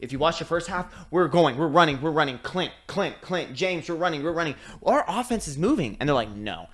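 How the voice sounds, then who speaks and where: A man co-hosting a podcast, ranting in casual chat, swearing freely and acting out quick impressions. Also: on the high side, lively intonation, fairly bright tone. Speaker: podcast co-host.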